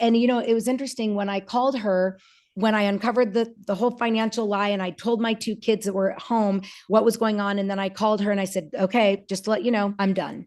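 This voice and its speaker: In a frank personal conversation on a podcast, a guest in her forties talks with earnest sincerity. She has a medium-pitched, darkish voice and keeps stopping to restart her sentences, and she performs the dialogue of anyone she quotes.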